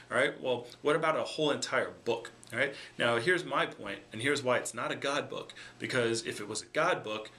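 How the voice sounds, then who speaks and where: A man's voice: medium pitch, sharp tone, slight background noise. A man talking casually to camera and arguing his point step by step, checking in with "okay?" and "right?" as he goes. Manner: explaining, repeats "okay?" for emphasis. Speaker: vlogger. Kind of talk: casual argumentative monologue.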